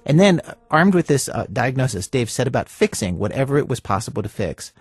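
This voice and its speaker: A man hosting a radio story, narrating and interviewing in a conversational, lively way. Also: mid-range voice, brisk, breathy edge, no echo, faint music behind. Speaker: radio host.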